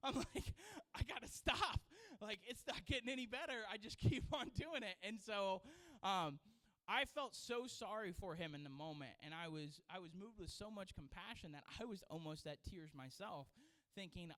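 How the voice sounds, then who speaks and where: A man who is a children's pastor, preaching a sermon and telling a story in an animated way with frequent laughter. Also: sits high, normal speed, rough recording. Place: church sanctuary.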